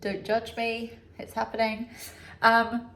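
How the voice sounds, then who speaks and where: A woman's voice: a little high, monotone, slow, fairly bright tone. A young woman from the UK, her nose blocked and congested, rambling casually in a home vlog with plenty of fillers. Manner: chatty, rambling, with many fillers. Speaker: vlogger.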